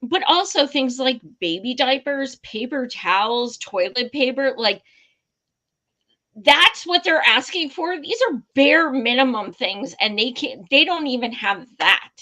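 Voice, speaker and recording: A woman's voice: high voice, lively intonation, unhurried, pushed and bright. A woman hosting a casual talk show, speaking emphatically and indignantly. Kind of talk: casual conversation.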